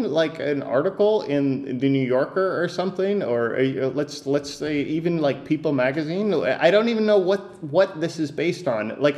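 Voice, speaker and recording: A man's voice: fairly high pitch, darkish tone. A man hosting a podcast, picking apart a text with disbelief, stumbling over restarts and fillers as he goes. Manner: hesitant, many restarts and fillers, incredulous. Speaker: podcast host. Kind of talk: casual podcast rant.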